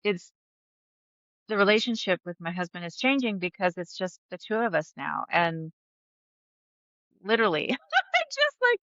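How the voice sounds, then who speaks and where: A woman's voice: on the low side, big pitch swings, normal speed, pauses often, fairly bright tone, dry recording, lo-fi sound. A woman guest talking openly in an interview, chatty, laughing often and restarting her sentences. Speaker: podcast guest. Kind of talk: candid conversational interview.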